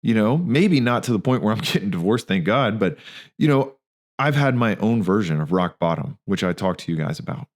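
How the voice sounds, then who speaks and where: Candid, slangy man with a low voice. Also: expressive, fairly quick. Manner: candid, slangy, emphatic storytelling. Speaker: podcast host, physician and practice owner. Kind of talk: casual spoken monologue.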